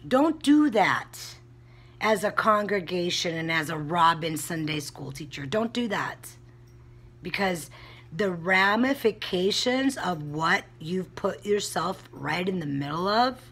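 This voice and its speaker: Slow, low-voiced woman ranting bluntly. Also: bright, forceful tone, husky. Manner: blunt, heated, frequent cursing. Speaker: vlogger. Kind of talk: casual vlog rant.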